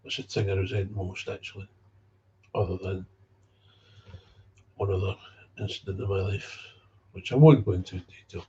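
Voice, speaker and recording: A man's voice: sits low, fairly even intonation, normal speed, long pauses, warm tone, a little hiss or hum. A man with a Scottish accent giving a blunt, heated personal talk about recovery, swearing freely. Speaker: speaker on recovery. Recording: dull lo-fi recording.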